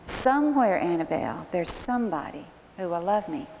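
A woman's voice: lowish voice, big pitch swings, moderate pace, darkish tone. A woman speaker acting out a distraught, bitter middle-aged wife as she pleads her case. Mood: pleading. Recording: long hall reverb, faint noise.

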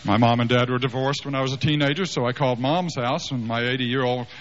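A man in his fifties preaching through a personal story, animated and acting out the dialogue, with many restarts. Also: mid-range voice, fast. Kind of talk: storytelling sermon. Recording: slightly muffled with faint hiss.

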